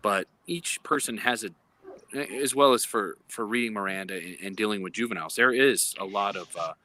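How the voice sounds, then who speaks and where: A man from law enforcement joins a live chat over his phone. He explains things earnestly and often pauses to search for words. His voice is lowish but bright and forceful.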